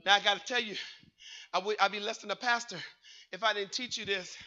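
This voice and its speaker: High bright-voiced shouting preacher man. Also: steady tone, a little fast, lo-fi sound. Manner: fervent, rising to shouts, sing-song phrases. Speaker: pastor. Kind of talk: preaching a sermon with call and response. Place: church sanctuary.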